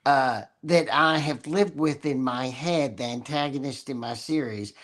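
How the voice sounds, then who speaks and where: An older man with a West Texas accent and a slightly raspy voice, a guest author chatting wryly on a podcast. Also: medium pitch, a little slow, a bit bright. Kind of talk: casual chat.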